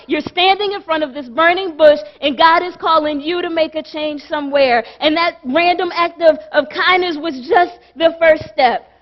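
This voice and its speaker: A woman pastor preaching a dramatic sermon in a church, repeating phrases and acting out the voices of the people in her story. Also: very high voice. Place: church sanctuary. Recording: dull lo-fi church recording.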